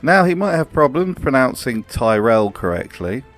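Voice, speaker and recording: A man hosts a comedic commentary video, mid-pitched and sardonic, delivering mocking asides in a dry tone. Faint music plays beneath his voice. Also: sing-song, normal speed, fairly bright tone. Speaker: host.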